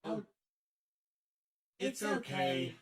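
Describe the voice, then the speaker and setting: A man hosting a live stream party, animated and prone to sudden loud outbursts. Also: very slow, distant mic, crowd noise. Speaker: host.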